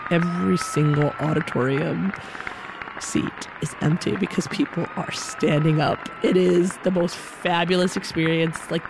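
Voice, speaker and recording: Animated woman telling a comic story. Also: on the low side, noisy background. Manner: animated, acts out other people's voices.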